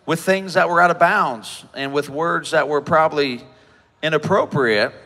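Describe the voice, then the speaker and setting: A man giving an emotional personal testimony from a conference stage, halting and often repeating himself as he talks. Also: fairly high pitch, pushed and bright, in a large hall. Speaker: preacher speaking at a conference.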